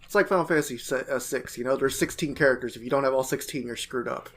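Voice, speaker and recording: A man's voice: medium pitch, fast talker, a bit bright. A man co-hosting a gaming podcast in casual chat, cracking teasing jokes. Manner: joking, teasing wisecracks. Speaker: podcast co-host.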